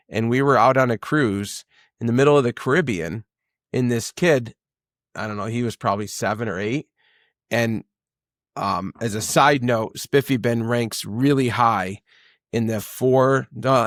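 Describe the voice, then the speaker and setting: Rambling storytelling business owner. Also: male voice, mid-range voice, dry recording, studio quality. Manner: rambling storyteller, many fillers, acts out quotes. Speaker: business owner, podcast guest. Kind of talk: casual conversation.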